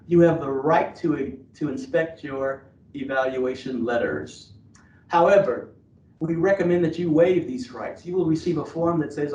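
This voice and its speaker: A man with a fairly high voice gives earnest, advisory guidance, stumbling through fillers and restarts as he goes. He sounds set back from the mic in an echoey room. The audio is dull and lo-fi. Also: darkish tone. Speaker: admissions officer. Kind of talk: webinar presentation. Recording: roomy, distant, dull lo-fi webinar audio.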